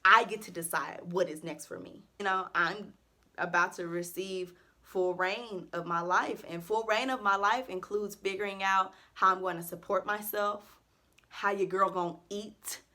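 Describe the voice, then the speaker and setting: A young woman in her early twenties talks straight to her viewers in a casual, heartfelt vlog. Her voice is bright and clear, and she speaks earnestly, sometimes close to tears as she shares her faith. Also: medium pitch. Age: early 20s. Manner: emotional, earnest, faith-filled and chatty. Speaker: vlogger. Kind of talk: casual heartfelt vent to camera.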